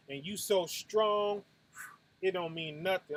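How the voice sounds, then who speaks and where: A man giving a casual, conversational sermon as the show's host. He keeps checking in with "right?", drops low and soft, then bursts out loud with punching sound effects. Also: animated, slow, dry recording. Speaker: preacher hosting a Sabbath night talk.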